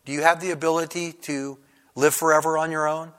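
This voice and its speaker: A male pastor delivers a sermon in a bright, forceful voice pitched a little high. He often stumbles and restarts his phrases. At times he climbs into loud, fervent preaching. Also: level tone, brisk. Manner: preaching with many restarts, rising to loud fervor.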